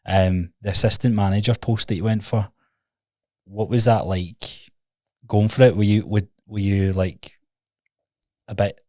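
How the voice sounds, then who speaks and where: A man with a low voice hosts the interview, asking thoughtful follow-ups at an easy pace. The sound is dry and close to the mic, with nothing around it. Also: fairly even intonation, a little slow, long pauses, darkish tone, dry recording. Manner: reflective, asks thoughtful follow-up questions. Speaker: podcast host. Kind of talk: interview questions.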